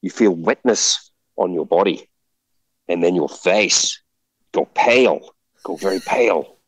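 A man casually telling a rambling, animated travel story, laughing often. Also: low voice, unhurried, no echo, rough recording.

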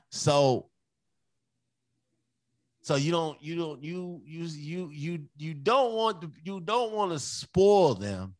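A man co-hosts a casual podcast, speaking emphatically about his family, repeating phrases and imitating his kids' voices. His voice is slightly high, lively and a bit mellow, and he takes his time. The recording has no echo.

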